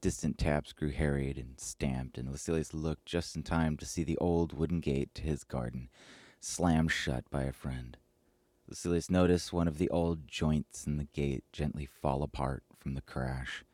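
A man hosting a podcast, reading a scripted story in a slow, measured way. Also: very deep voice, warm tone, dry recording. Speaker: podcast host and narrator.

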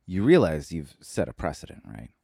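A man's voice: low-pitched, wildly swooping pitch, normal speed, gravelly, dark tone, husky, no echo, clean studio sound, pitched above the performer's own voice, full character voice. A man voicing an eager writer who pesters his roommate for story ideas in an insistent, wheedling way. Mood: teasing.

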